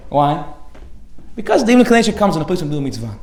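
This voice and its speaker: Fast, energetic rabbi in an echoey hall. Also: male voice, sits high. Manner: energetic, animated, slips in Hebrew words and slang. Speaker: rabbi giving a Torah class. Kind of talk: lively sermon with acted anecdotes. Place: synagogue hall.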